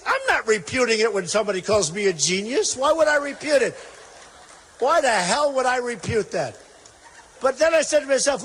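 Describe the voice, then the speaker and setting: Man, high-pitched, rally speaker, rambling and repetitive storyteller, reverberant hall. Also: a bit bright, breathy edge. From United States. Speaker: political candidate at a rally. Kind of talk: rally speech. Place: large indoor rally venue. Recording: long hall reverb, faint noise.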